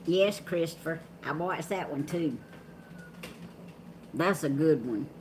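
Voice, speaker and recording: A woman's voice: low voice, lively intonation, takes it slowly, darkish tone. A woman from with a drawl, chatting casually on a live stream and answering viewers by name. Her voice swings widely up and down as she talks, easygoing and folksy, with a faint hiss behind her. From Georgia, US. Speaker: co-host of a live chat stream. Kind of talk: casual chat reading viewer comments.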